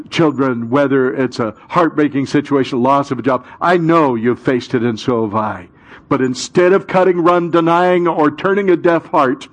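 Male pastor, lively preaching, higher-pitched voice, punchy pauses. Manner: animated, rhetorical questions, dramatic pauses. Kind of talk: sermon.

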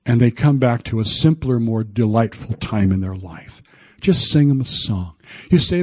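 A man's voice: mid-range voice, animated, moderate pace, darkish tone, husky, no room sound. An older man, a pastor, preaching a folksy, emphatic sermon and breaking into old hymns.

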